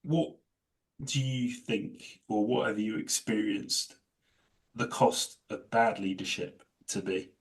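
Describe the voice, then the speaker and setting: A man hosting a podcast, asking interview questions in a calm, measured way. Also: lowish voice. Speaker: podcast host.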